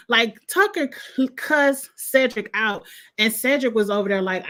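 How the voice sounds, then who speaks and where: A woman's voice: fairly high pitch, unhurried. Heated, profane woman ranting casually. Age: adult with a son in college. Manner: blunt, heated, profane, animated. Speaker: vlog host reacting to a reality show. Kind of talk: casual reaction commentary.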